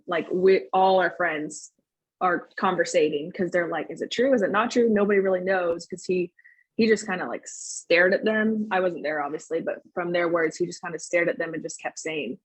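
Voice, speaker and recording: A young woman with a husky, somewhat low voice tells her own story to a podcast host. She rambles earnestly, circling back on herself, and slips into the voices of the people she quotes. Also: poor audio. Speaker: podcast guest. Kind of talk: personal story told in conversation.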